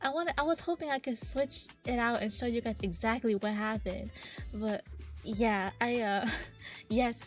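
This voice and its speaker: A woman's voice: a little high, moderate pace, soft background music. A young woman streamer in casual chat, telling a story with lots of giggles and quoting the people she talks about.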